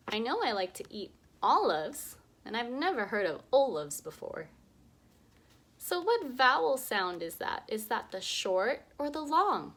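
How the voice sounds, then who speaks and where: Slow, lively woman teaching phonics. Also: medium pitch. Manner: slow, exaggerated sounding-out of vowels. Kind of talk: early reading lesson for young children.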